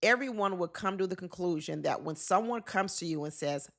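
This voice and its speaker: A woman's voice: on the low side, lively intonation, brisk, vocal fry, fairly bright tone. A woman giving casual, opinionated commentary on a reality show, often acting out what the cast members said.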